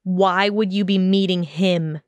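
A woman's voice: steady tone, measured pace, no echo, highs cut off, close to an everyday voice. Woman reading as a sneering cold teen wizard boy. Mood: contemptuous. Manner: low, harsh and sneering.

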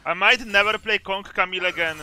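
A man's voice: high voice, fairly quick, sharp tone, faint music behind. A man streaming a video game, chatting casually with blunt, swearing rants about the match. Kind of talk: casual gaming commentary.

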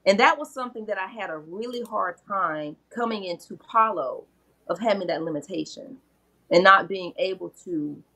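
A middle-aged spiritual practitioner talks at a moderate pace, her medium-pitched voice sharp in tone. Casually but earnestly, she retells sacred myths, shifting into the voices of the figures she quotes.

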